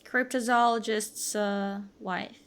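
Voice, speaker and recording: A woman's voice: medium pitch, steady tone, takes it slowly, gravelly, a bit bright, clear, resonant tone. A woman streamer playfully joking through casual game commentary.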